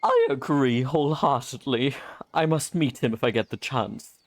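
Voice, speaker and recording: A man's voice: medium pitch, moderate pace, dry recording, pitched above the performer's own voice, natural voice. A man reading out the lines of an earnest young male scholar from a historical game, lifting his voice a little.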